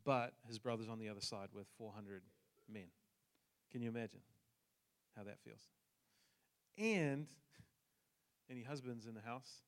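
A man's voice: medium pitch, a little slow, long pauses. A man from New Zealand with a New Zealand accent, telling a personal story in a sermon with jokes for the congregation. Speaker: pastor.

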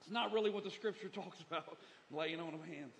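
A man's voice: fairly high pitch, brisk, gravelly, fairly bright tone. A middle-aged male pastor preaching a sermon, emphatic and repetitive, moving between lessons and personal stories.

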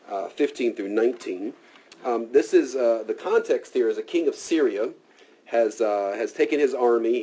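A man's voice: medium pitch, dark tone, breathy edge. A man preaching a conversational sermon, casual and talky, often checking in with "right?", in a dull lo-fi recording.

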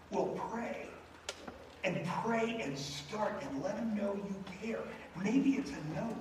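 Preacher in an echoey church. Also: male voice, sits high, normal speed. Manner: storytelling, conversational, leads a closing prayer. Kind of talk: sermon. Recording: echoey room from a distant mic with faint noise.

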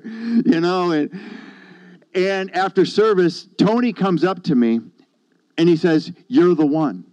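Preacher, male, warm low-key storyteller, dry muffled recording. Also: big pitch swings, measured pace, no room sound. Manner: storytelling, conversational, quotes others. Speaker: pastor. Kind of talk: sermon testimony.

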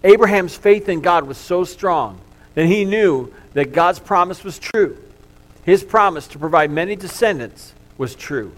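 Earnest preacher man, slightly high voice. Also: expressive, a little slow. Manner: earnest storytelling, swings from loud to hushed. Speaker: pastor. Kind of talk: sermon.

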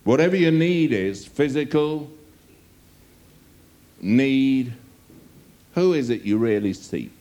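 Slow, animated male preacher. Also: mid-range voice. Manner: drawn-out, rhetorical questions to the congregation. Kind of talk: sermon with scripture reading.

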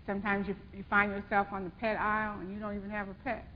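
A woman co-leading a sermon, calmly explaining and answering with amens. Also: medium pitch, quick pace. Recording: dull sound with long hall reverb and faint noise.

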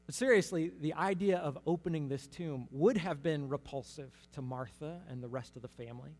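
A man giving conversational Bible teaching, telling the story in a lively way with humorous asides. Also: a little high, fairly quick. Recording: long hall reverb.

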